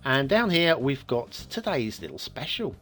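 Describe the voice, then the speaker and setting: A man's voice: medium pitch, wildly swooping pitch, measured pace, fairly bright tone. A man hosting a map review show, giving rambling, casual commentary on a game map with frequent chuckles and self-mocking asides.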